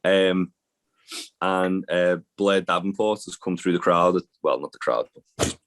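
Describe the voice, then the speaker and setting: Man, very low voice, casual podcast chat, rambling, swears freely. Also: fairly even intonation, a little slow, fairly bright tone. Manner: rambling, profane, fond banter. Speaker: podcast co-host.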